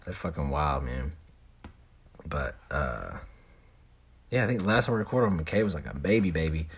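Deep husky man swearing casually. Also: sing-song, normal speed. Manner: heavy swearing, laid-back slangy rambling. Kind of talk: casual storytelling.

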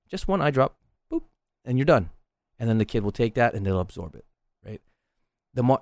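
A middle-aged man's voice, on the low side with a darkish tone, comes through a dry, clean studio recording. As a martial arts instructor on his casual solo podcast, he talks earnestly like a coach, often checking in with "right?"

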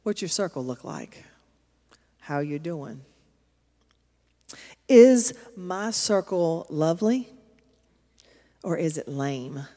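A woman's voice: on the low side, lively intonation, takes it slowly, dark tone. A woman pastor, preaching a sermon in a storytelling, conversational way with emphatic asides to her congregation. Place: church auditorium. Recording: long reverb of a large hall.

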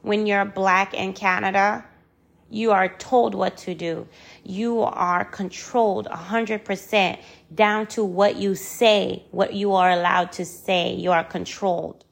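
An angry, frustrated woman speaking her mind in a personal vlog. She talks slowly and deliberately, with a gravelly, creaky edge to her mid-pitched voice. She hammers her points home by repeating phrases and swears freely. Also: steady tone. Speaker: vlogger.

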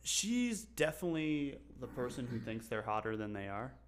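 A man's voice: mid-range voice, sing-song, moderate pace, a little hiss or hum. A man in his twenties co-hosting a podcast, joking and rambling in casual chat. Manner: jokey, rambling, teasing. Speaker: podcast co-host.

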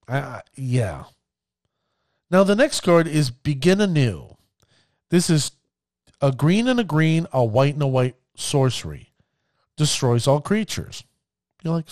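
Guy ranting about card games, voice jumps all over, pretty high, dry close mic. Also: no echo. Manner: animated, addresses viewers as ladies and gentlemen, acts out players' reactions. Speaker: card game content creator. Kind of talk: casual commentary to camera.

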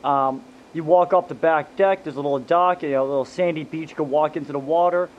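A relaxed male co-host with a fairly high voice, laughing a lot and tossing in "dude" and "man". The recording is dull and lo-fi, with a faint hiss behind him. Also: brisk. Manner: easygoing, laughs often, says "dude". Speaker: podcast co-host. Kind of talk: casual chat.

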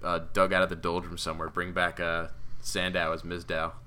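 A man co-hosting a casual wrestling chat, swearing freely and quick to get excited and laugh. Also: low voice, clear, resonant tone. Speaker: podcast co-host.

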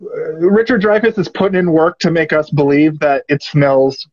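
Guy with a high voice chatting about a movie, kinda dull lo-fi sound. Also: steady tone, normal speed, a little mellow. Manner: rambling, lots of "like" fillers. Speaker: podcast host. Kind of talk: casual movie discussion.

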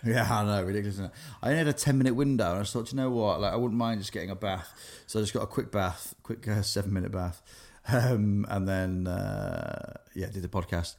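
Rambling man, lowish voice. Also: brisk, few pauses, a little mellow. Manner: rambling, lots of fillers and restarts. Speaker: podcast co-host. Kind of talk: casual chat.

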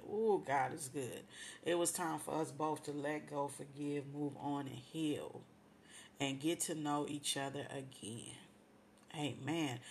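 A woman's voice: sits low, a little hiss or hum. A woman hosting a radio show, sharing an emotional religious testimony with heartfelt praise and repeated thanks to God. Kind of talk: emotional personal testimony on air.

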